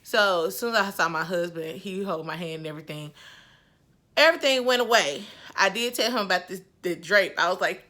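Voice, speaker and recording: A woman vlogger telling a story casually to camera, animated and laughing, swinging between hushed and loud. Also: fairly low pitch, brisk.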